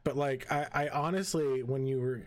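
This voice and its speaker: A man co-hosting a podcast in casual chat, chiming in with quick agreements and halting, restarting sentences. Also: mid-range voice, steady tone. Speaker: podcast co-host.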